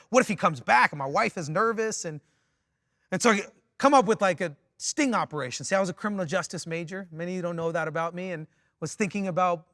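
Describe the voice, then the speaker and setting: Guy preaching a sermon, high bright voice, dry close sound, jokey storyteller. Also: dry recording. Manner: animated storytelling, opens points with "see"; wry, self-mocking humor. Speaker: pastor.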